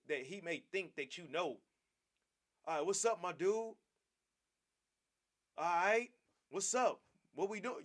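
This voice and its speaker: Guy teaching a bible class, kinda high voice, preachy and repetitive, keeps saying man. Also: a bit bright. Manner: emphatic, repetitive, calls listeners "man".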